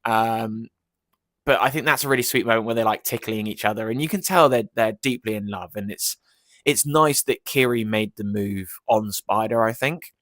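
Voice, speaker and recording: A man's voice: lowish voice, moderate pace, fairly bright tone, no echo. A man talking through a film in a casual review vlog, enthusiastic and rambling, with many ums and restarts.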